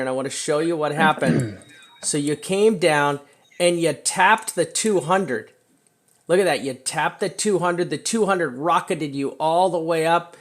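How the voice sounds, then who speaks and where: A slightly high-voiced man talks through trading charts at his desk in a loose, casual way. He piles on fillers and keeps checking in with "right?", and he slows down to hammer home his warnings. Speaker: crypto chart analyst.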